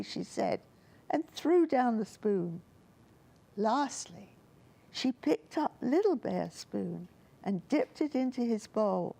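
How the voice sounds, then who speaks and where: A woman reading a children's story aloud in a gentle, expressive storytelling manner. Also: on the high side, slow pace, creaky.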